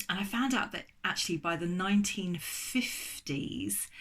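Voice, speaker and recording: English woman, middle-aged, deep voice, chatty and enthusiastic, casual vlog, full of ums. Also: a bit bright. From England. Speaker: food vlogger. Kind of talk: casual chat.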